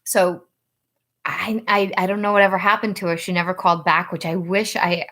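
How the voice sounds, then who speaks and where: A woman tells a story straight to camera in a casual, chatty way. Her voice is bright and clear, and it rises high whenever she acts out the things people said. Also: moderate pace. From Rhode Island. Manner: animated, acts out quoted dialogue with rising pitch. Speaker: psychic reader and channel host.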